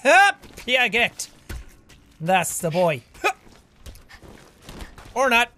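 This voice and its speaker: A man in his twenties giving excitable let's play commentary, talking to an in-game creature like a pet and swearing now and then. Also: very high voice, drawn-out words. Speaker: gaming video host.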